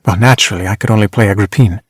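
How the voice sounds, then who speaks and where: A man doing a worldly ex-actress who teases and cuts, brisk and sharp-tongued. She sounds close and dry, with no room around her, a woman from a storybook reading. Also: fairly low pitch, steady tone, breathy edge, dry recording, pitched below the performer's own voice. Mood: teasing. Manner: teasing, brisk and cutting.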